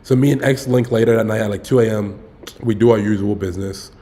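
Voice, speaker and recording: A young adult streamer tells a dating story on a casual livestream, rambling loosely, interrupting himself and saying "bro" constantly. His voice sits on the low side with a steady, warm tone, and he talks fast.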